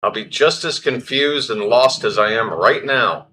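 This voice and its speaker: A man's voice: medium pitch, unhurried, pushed and bright, a little hiss or hum. A man hosting a live baseball stream, doing casual play-by-play in a flustered, self-deprecating way and talking to himself.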